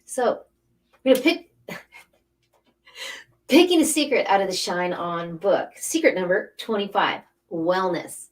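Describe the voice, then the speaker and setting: A woman's voice: mid-range voice, expressive, unhurried, pauses often. A middle-aged woman, a spiritual coach, talking casually and emphatically, wandering between thoughts and repeating phrases for emphasis. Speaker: spiritual coach and angel card reader. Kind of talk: casual inspirational talk. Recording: voice a bit distant from the mic.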